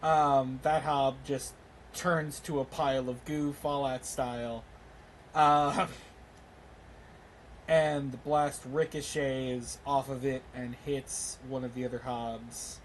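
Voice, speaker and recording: A man running a tabletop game as game master, halting with many ums and uhs and often laughing. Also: medium pitch, level tone, a little hiss or hum.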